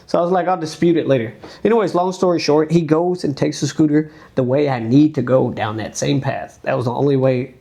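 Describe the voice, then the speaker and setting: A young adult man from the United States telling a story as a dancer guest on a podcast, casual and animated, acting out quoted speech with lots of fillers. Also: medium pitch, creaky.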